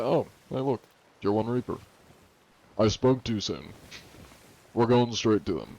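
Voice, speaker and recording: A man's voice: lowish voice, lively intonation, unhurried, long pauses, darkish tone, dull audio. A 21-year-old American man streaming and joking sarcastically while answering questions from chat. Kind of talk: casual livestream chat.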